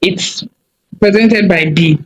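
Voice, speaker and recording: A woman teaching a coding tutorial over a screen recording, thinking aloud slowly with many fillers and small self-corrections. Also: on the low side, slight background noise, low-quality recording.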